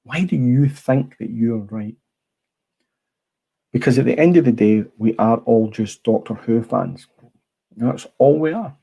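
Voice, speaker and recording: A man's voice: medium pitch, a little slow, creaky, long pauses, mellow, slightly rough. A middle-aged Scottish man hosting a casual livestream, blunt and rambling, swearing freely. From Scotland. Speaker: livestream host. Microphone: small clip-on mic.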